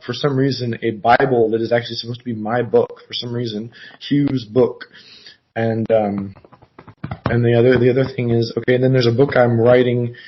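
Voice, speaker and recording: Guy on a video call rambling on, pretty monotone, lots of ums, muffled audio. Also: mid-range voice. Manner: meandering, halting, many fillers and restarts. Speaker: caller. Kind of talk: rambling casual chat.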